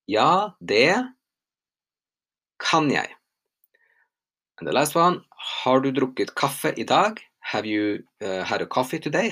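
A woman teaching grammar on a podcast, explaining patiently with relaxed fillers. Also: a bass voice, breathy edge. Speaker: language teacher.

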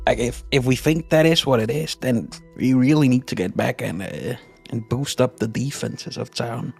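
A man playing a tabletop game, calmly talking and often repeating words as he starts a phrase. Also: mid-range voice, moderate pace, vocal fry, husky, soft background music. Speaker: player. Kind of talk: casual tabletop game chat.

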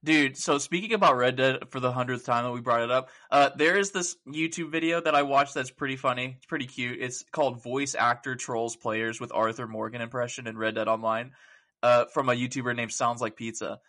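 A man co-hosting a casual gaming podcast, animated and profane, acting out quotes in a loud voice. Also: mid-range voice, brisk. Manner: animated, swearing, acts out quotes loudly. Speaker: podcast co-host.

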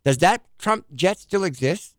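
A man's voice: high voice, lively intonation, measured pace, fairly bright tone, no room sound. Man guest, rambling and hesitant with fillers, dry close mic. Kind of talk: casual talk show banter.

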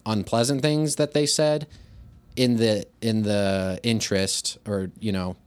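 A high school teacher co-hosting a podcast, talking casually and thinking aloud with frequent restarts. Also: male voice, fairly even intonation, a little slow, smooth. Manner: easygoing, acts out quoted lines in a livelier voice. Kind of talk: casual conversation.

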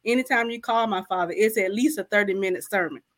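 A woman's voice: medium pitch, fast talker, fairly bright tone, slight background noise. A woman guest co-author, telling her personal testimony candidly and acting out her own prayers.

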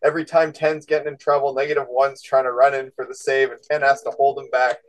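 Male co-host, easygoing, walks through his pitch over a call. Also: little pitch movement, fast, rough recording. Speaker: podcast co-host. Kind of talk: casual fantasy booking chat. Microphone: video call.

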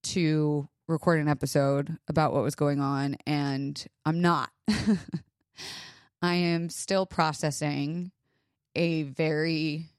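A young woman speaks low and slowly on her podcast, pausing often as she fights back tears. Her delivery is halting and emotional, full of fillers and restarts. The sound is dry and close. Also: level tone, clean tone, no echo. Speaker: podcast host. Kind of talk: personal monologue.

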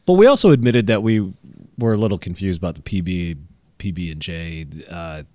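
Low-voiced wry male co-host. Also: animated, brisk, very noisy. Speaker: podcast co-host. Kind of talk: casual comedic podcast banter.

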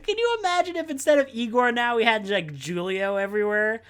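Woman co-host, casual swearing chatter, lively pitch, quick laughs. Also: clean tone. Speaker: podcast co-host. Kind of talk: casual chat.

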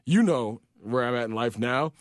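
A man in casual chat, an animated storyteller who swears freely and acts out quotes. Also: mid-range voice, moderate pace, no echo, clean studio sound.

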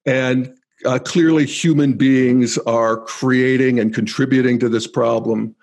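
A man hosting his own podcast, talking through listener comments in a thoughtful, measured way with pauses. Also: medium pitch, steady tone, gravelly, a little mellow. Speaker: podcast host. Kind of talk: reflective solo podcast monologue.

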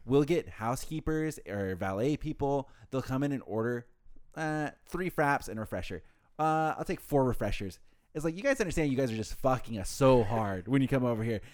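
A man's voice: mid-range voice, lively intonation, darkish tone. A young man, a barista, chatting casually on a podcast, ranting with a lot of swearing and acting out his customers. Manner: fast, profane ranting, acts out customers. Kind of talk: casual chat.

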